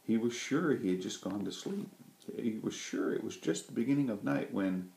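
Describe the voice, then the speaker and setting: A man reading a children's story aloud with a gentle, lively delivery. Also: lowish voice, moderate pace, creaky. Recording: roomy echo.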